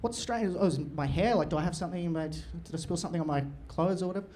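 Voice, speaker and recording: A man's voice: high-pitched, racing, warm tone, slight background noise, close to an everyday voice. A man voicing a dim, cheerful former schoolmate, an oblivious young man. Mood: flustered.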